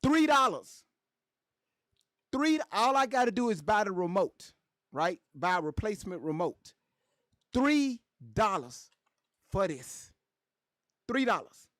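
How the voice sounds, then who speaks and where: A man hosting a casual livestream, reading chat aloud and joking around in a loud, animated way. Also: sits high, normal speed, dry recording, studio quality.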